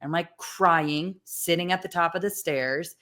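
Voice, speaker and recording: Earnest woman host, lowish voice. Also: unhurried, fairly bright tone. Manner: earnest, emotional storytelling. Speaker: podcast host. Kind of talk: conversational interview.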